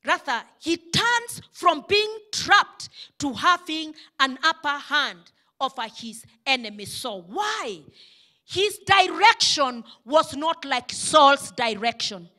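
A woman pastor delivers a sermon with fervour, her voice very high and bright. She speaks at an unhurried, deliberate pace, pressing each phrase home and rising into impassioned pleas. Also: sing-song.

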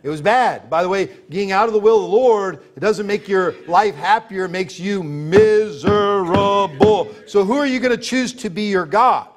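A man's voice: sits high, lively intonation, fairly quick, few pauses. A man preaching a sermon as pastor, emphatic and full of rhetorical questions, laughing as he tells stories.

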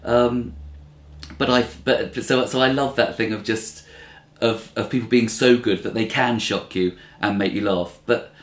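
A man's voice: mid-range voice, fairly even intonation, a little slow. A man in his thirties, a comedian answering interview questions, rambling and breaking off to act out quoted voices. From Britain. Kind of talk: conversational interview. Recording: roomy interview recording.

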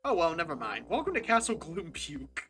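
A prim, courteous castle steward speaks quietly and formally, as a streamer reads her lines. The voice moves in lively steps. Soft game music plays underneath. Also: medium pitch, normal speed, voice pushed down. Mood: polite. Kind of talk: reading game dialogue aloud.

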